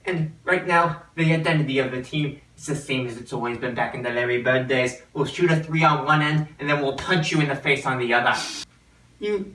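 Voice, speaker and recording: A man's voice: a little high, fairly bright tone, close to an everyday voice. A man voicing a boastful male team representative in an exaggerated fake Irish brogue, in a roomy room away from the mic. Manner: brash salesman patter, slow emphatic delivery. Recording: roomy echo, mic at a distance.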